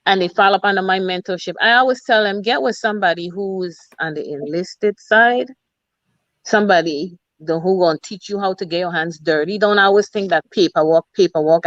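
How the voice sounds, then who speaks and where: A woman's voice: medium pitch, a bit bright, no room sound, lo-fi sound. A middle-aged woman from the Virgin Islands with a Virgin Islands accent, a military officer telling stories as a guest in a casual interview. She talks emphatically and leans on "you know" and "you understand.".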